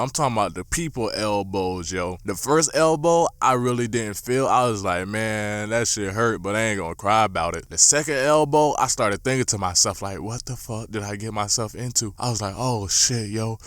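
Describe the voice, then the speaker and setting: A young man in his late teens tells a story for his vlog in an animated, slang-filled, profane voice. His pitch sits in an ordinary middle range. The recording is dry and close, with no room echo. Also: smooth. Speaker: YouTuber.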